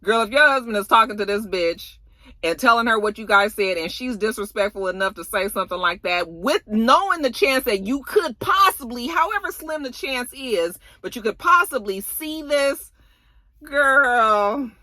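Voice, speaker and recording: A young woman giving a casual, gossipy recap, animated and sassy and swearing freely. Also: fairly high pitch, moderate pace, dry recording. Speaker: reality TV recap YouTuber.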